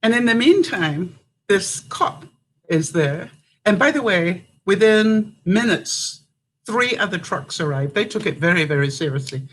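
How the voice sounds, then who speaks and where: A woman's voice: medium pitch, lively intonation, a little slow, slight background noise, low-quality recording. An older woman from Canada, telling a story to camera in a chatty way, laughing often and acting out what others said. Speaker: vlogger.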